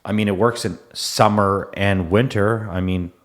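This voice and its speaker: A low-pitched man with an Eastern European accent co-hosts a casual podcast, sounding enthusiastic and animated. He is recorded on site at a manufacturing facility. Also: unhurried. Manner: enthusiastic, animated, often laughing. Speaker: podcast co-host.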